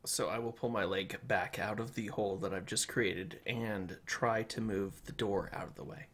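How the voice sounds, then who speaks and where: A man playing a tabletop game, talking in an animated, joking way. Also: lowish voice, normal speed. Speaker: player. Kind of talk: casual tabletop game play.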